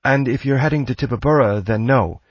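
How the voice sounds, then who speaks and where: A man voicing a brisk, practical young American woman in an audiobook. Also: medium pitch, no echo, muffled recording, pitched above the performer's own voice, lightly acted. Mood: urgent.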